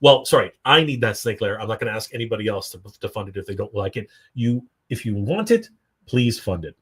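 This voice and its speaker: A man's voice: lowish voice, animated, fast talker, breathy edge. A man from Canada hosting a live toy stream, reading viewer comments aloud and chatting casually, upbeat with frequent fillers. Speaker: livestream host.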